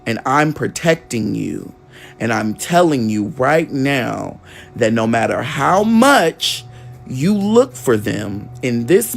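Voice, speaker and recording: A man quoting his adoptive mother, speaking slowly and deliberately in a calm, serious tone close to his own voice. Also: medium pitch, creaky, heavily acted. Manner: slow, deliberate, solemn.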